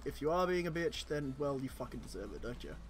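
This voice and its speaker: A man's voice: medium pitch, animated, soft background music. A man streaming a game, chatting casually to his teammates on screen, swearing freely and laughing easily. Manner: cheerful, quick to laugh. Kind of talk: casual gameplay commentary.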